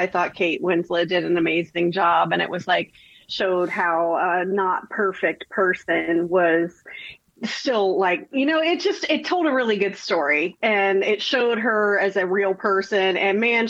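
A woman's voice: lowish voice, fairly bright tone, no echo, lo-fi sound. A woman chatting casually on a podcast panel, blunt, with plenty of fillers. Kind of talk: casual group chat.

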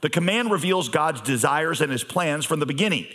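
A male pastor preaching a sermon in a conversational manner, with humorous asides and emphatic pauses. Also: on the high side, expressive, bright, forceful tone.

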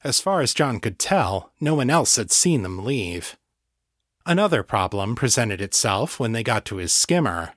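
A man reading a novel aloud as an audiobook narrator, in an even, measured storytelling way. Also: on the low side, no echo, studio quality.

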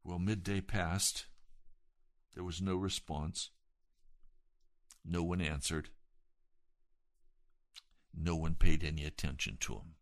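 Male preacher, lower register, emphatic sermon delivery that builds to loud climaxes. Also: steady tone, slow pace, pauses often, no echo, studio quality. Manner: retells scripture with dramatic emphasis.

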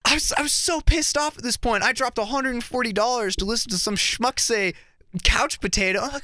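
Lively young man telling a story. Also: very high voice, brisk, dry recording. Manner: animated, crude, swears freely. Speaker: podcast guest. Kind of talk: casual storytelling. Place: college radio studio.

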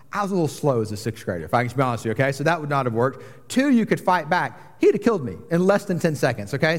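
Male pastor, forties, high voice, easygoing storyteller with a long reverb tail. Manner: storytelling, conversational, frequent asides. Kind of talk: sermon.

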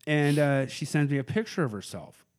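With a slightly high voice, lively intonation and a darkish tone, a Portland comedian in his forties speaks at normal speed as a podcast guest. He chats casually, wanders through stories, and mimics others' voices.

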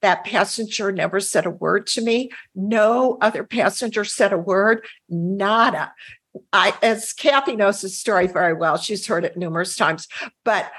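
A woman's voice: medium pitch, normal speed, breathy edge. A woman, a former flight attendant, telling a story in an interview, acting out the lines of the people in it. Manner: lively anecdotal telling, acts out quoted lines.

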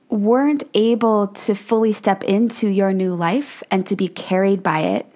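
A woman's voice: mid-range voice, a little mellow. A woman in her forties hosting a podcast from her home office, giving a chatty, coaching monologue that often checks in with "right?". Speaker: podcast host, numerology forecaster. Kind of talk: casual monologue.

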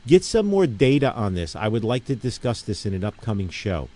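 With a fairly low, mellow, sing-song voice and a fairly quick pace, a middle-aged radio host who runs a gun range rambles emphatically through stories on his casual talk show. He keeps restarting and asking "okay?"

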